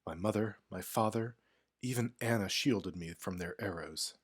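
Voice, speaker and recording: Man reading a soft-spoken grieving young prince. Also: fairly low pitch, normal speed, breathy edge. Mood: subdued.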